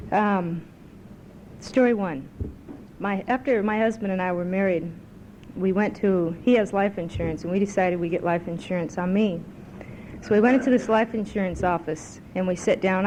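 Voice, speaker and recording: At a recovery meeting in a club meeting room, a woman shares her personal story and tells a joke, chatty and self-mocking. Her medium-pitched voice has a darkish tone, and the low-quality recording carries slight background noise.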